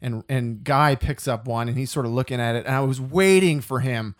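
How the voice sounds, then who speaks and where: A man's voice: medium pitch, brisk. A man co-hosting a casual film review podcast, talking loosely with profanity, agreeing often and laughing easily. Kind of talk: casual movie review chat.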